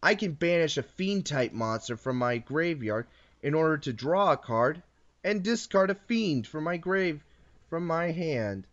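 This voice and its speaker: A man's voice: fairly high pitch, lively intonation, unhurried, a bit bright, dull audio. Playful man calling his card game moves. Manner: explains each move, playful taunts, frequent self-corrections. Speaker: host and card game player. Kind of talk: casual commentary while playing an online card game.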